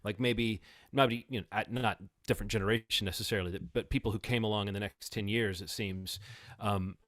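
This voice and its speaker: A man's voice: lowish voice, steady tone, fairly quick, fairly bright tone, no room sound, clean studio sound. A man in his forties chatting thoughtfully as a podcast co-host reviewing a film, often restarting his sentences. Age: 40s. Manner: thoughtful, reflective, many restarts. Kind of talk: casual film review chat.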